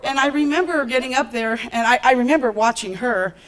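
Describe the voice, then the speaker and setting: A woman giving a lively talk at a business event, laughing often and acting out what people said to her. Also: a little high, fairly quick, rough recording. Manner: animated, laughs often, acts out quotes. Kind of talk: motivational stage talk with storytelling. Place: event stage before a live audience.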